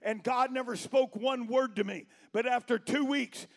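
A middle-aged man preaching a sermon as pastor, telling a story that builds into shouted preaching. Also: extremely high pitch, steady tone, moderate pace.

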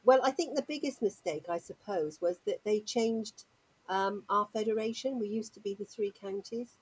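Older woman from Dorset, husky voice, rambling guest who laughs easily. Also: medium pitch, moderate pace, a little mellow, poor audio. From Dorset, England. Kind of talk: casual radio chat.

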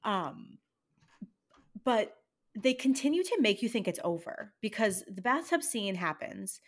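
Measured woman podcast co-host. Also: medium pitch, sing-song. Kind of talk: casual film review chat.

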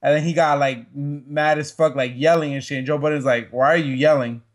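A man's voice: a little high, steady tone, fairly quick. A man co-hosting a casual podcast, talking loosely with lots of fillers and profanity. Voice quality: loose, rambling speech full of fillers and profanity. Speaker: podcast co-host. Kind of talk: casual chat.

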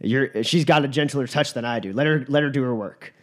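A man's voice: mid-range voice, brisk, pitched above the performer's own voice, lightly acted. A man voicing a seasoned male street doctor who speaks curtly and gives orders. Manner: curt, commanding.

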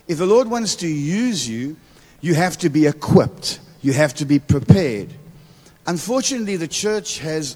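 A man with a South African accent, his voice on the high side with a darkish tone, preaches as a guest prophet in a church hall. He repeats words, calls for amens and drops playful asides, all under the hall's long reverb.

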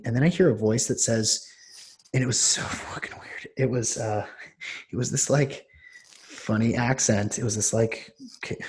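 A man's voice: fairly low pitch, darkish tone. A man, a podcast host and coach, telling a personal story in a loose, rambling way with many restarts. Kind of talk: casual storytelling.

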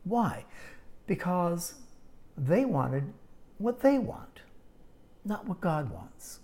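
A woman teaching a Bible lesson in sermon style, storytelling with dramatic pauses and wry asides. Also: fairly low pitch, sing-song, mellow.

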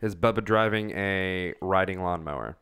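Man, podcast co-host, lowish voice, dry short quips. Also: normal speed, fairly bright tone, clear, resonant tone. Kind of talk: casual chat.

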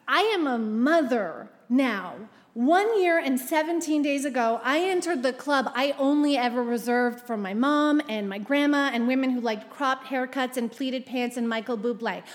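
A Canadian woman in her thirties telling a funny personal story on stage, animated and self-mocking, with quick comic asides. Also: fairly high pitch, long reverb tail. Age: 30s. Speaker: storyteller at a live event.

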